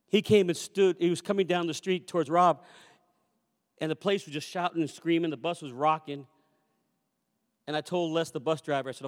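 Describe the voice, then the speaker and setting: A man preaching a sermon as a pastor, telling a story with animated, acted-out quotes and repeated refrains. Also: a little high, normal speed, pauses often, long reverb tail. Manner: animated storyteller who acts out quoted voices. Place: church sanctuary.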